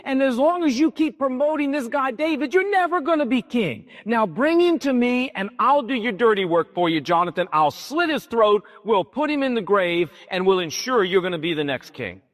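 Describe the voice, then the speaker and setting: A man's voice: very high voice, animated, moderate pace, hardly any pauses, a bit bright. A man voicing an angry, scheming king who rants and insults his son, in a long hall reverb. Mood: menacing. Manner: ranting, insulting, menacing. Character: furious scheming king, middle-aged man.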